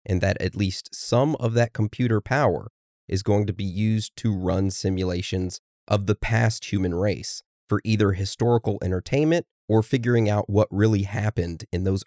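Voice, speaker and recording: Low male voice, podcast co-host who leads the segments, plain dry recording. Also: moderate pace, mellow, no echo. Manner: steers the episode, reads from notes. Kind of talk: casual podcast chat.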